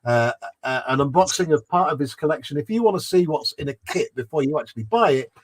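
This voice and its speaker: Male streamer, loose and giggly, rattling off chat comments, slightly higher pitch. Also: lively intonation, fast. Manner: reads chat messages aloud with frequent laughs and fillers. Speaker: livestream host reading chat. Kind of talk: casual chat.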